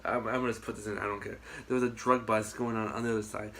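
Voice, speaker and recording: A man chatting casually on a podcast, telling rambling, animated stories and swearing often. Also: fairly low pitch, fast talker, slight background noise. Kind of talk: casual chat.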